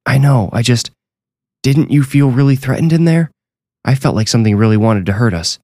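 A man's voice: medium pitch, a little fast, warm tone, no echo, studio quality, pitched above the performer's own voice, lightly acted. A man voicing an anxious young male ghost hunter in a horror story, talking nervously and urgently. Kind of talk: audiobook horror reading.

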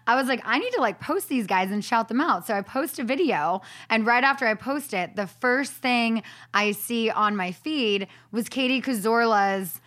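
A woman's voice: a little high, moderate pace, few pauses. A woman hosting a podcast, telling stories in casual chat and acting out quotes, with lots of "like". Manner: animated storytelling, acts out quotes, frequent "like". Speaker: podcast host.

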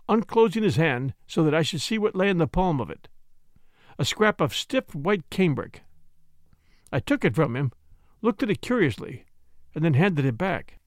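A man narrating a classic mystery as a podcast host, his voice fairly high with a lively, varied melody. He tells the story in a smooth, measured way. The recording is close and dry with no room sound. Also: dry recording.

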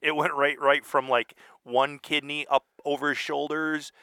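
Goofy rambling man, bright voice. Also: a little high, level tone, normal speed, smooth, no echo. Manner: rambling, plays dumb, goofy asides. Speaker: podcast co-host. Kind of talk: casual comedic chat.

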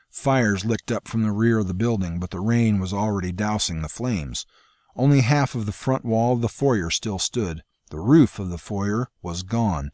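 Low-voiced man narrating dramatically. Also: darkish tone, dry recording, studio quality. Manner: dramatic, measured storytelling. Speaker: audiobook narrator. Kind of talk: scripted fantasy narration.

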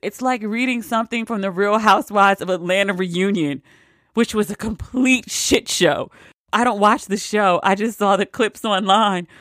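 A woman's voice: medium pitch, normal speed, a bit bright, dry recording, studio quality. A woman hosting a podcast, giving casual news commentary in a wry, exasperated way and laughing between quotes. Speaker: podcast host.

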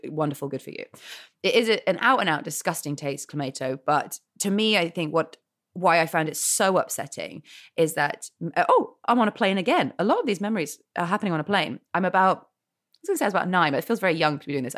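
A woman guest on a podcast, telling funny stories in casual chat, with lots of restarts and laughing asides. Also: low-pitched. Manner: chatty, many restarts, animated laughing asides.

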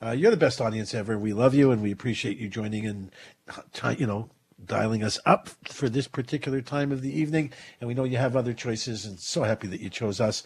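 Male radio host, husky and stuffed up, earnest rambling delivery, dry close mic. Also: medium pitch, fairly quick, a little mellow, dry recording. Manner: earnest, rambling with many fillers. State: stuffed up, getting over covid. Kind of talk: call-in radio talk. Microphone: studio microphone.

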